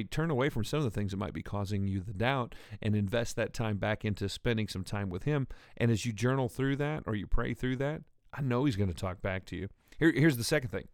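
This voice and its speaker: A man's voice: medium pitch, clear, resonant tone, no room sound, studio quality. Earnest conversational male preacher. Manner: earnest, conversational, many restarts. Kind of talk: sermon.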